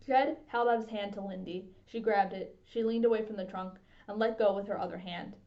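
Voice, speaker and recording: A woman librarian reading a children's novel aloud with steady, expressive narration. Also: medium pitch, brisk. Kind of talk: storybook read-aloud. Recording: dull lo-fi sound.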